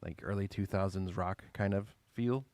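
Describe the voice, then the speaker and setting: A man's voice: low-pitched, fairly even intonation, moderate pace, a little mellow, dry recording. A man from Connecticut co-hosting a podcast, chatty and wry in casual conversation. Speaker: podcast co-host. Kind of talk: casual chat.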